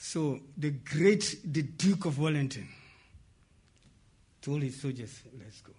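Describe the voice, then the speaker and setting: Husky preacher man telling a story. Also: a little high, expressive, takes it slowly, darkish tone. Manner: call-and-response, asks "what?" for the congregation to fill in; interjects "praise God" and "amen". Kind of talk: sermon storytelling.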